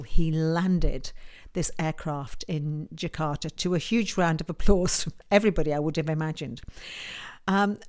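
Lowish-voiced woman host, chatty storytelling, drops quiet then gets loud and emphatic. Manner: animated, swinging from soft asides to emphatic bursts. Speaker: livestream host giving card readings. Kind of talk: casual storytelling to a live audience.

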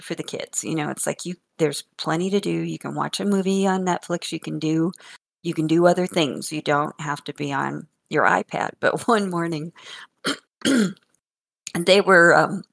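An older woman chatting casually and telling funny stories about her grandchildren, animated and often laughing and repeating words. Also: deep voice, normal speed, vocal fry. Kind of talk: casual chat.

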